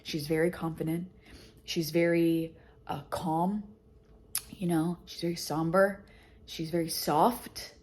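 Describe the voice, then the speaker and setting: A woman's voice: on the low side, steady tone, slow pace, pauses often, a little mellow. A woman vlogger and education business founder talking candidly and emotionally about her life, swearing freely. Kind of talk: candid personal vlog talk.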